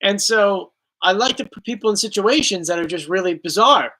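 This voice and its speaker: A man's voice: high-pitched, animated, moderate pace, pushed and bright. A man hosting a casual question-and-answer chat, telling goofy stories in a playful way. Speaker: YouTube host.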